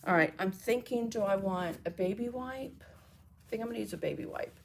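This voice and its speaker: A woman's voice: mid-range voice, moderate pace, gravelly, darkish tone, husky. A woman hosting a live mixed media art demonstration, chatting and thinking aloud as she works and answering viewer comments. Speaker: mixed media artist and host.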